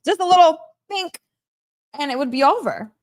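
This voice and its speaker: A young adult woman telling a personal story to camera in a casual vlog, animated and laughing often. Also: very high-pitched, normal speed. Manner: animated, laughs often, acts out quoted voices. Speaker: vlogger.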